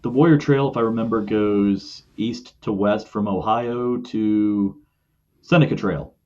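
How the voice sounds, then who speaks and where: A man's voice: lowish voice, fairly even intonation, a little slow, a little mellow, dull audio. A man from West Virginia, a podcast guest, explaining things thoughtfully and at length. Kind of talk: casual conversation.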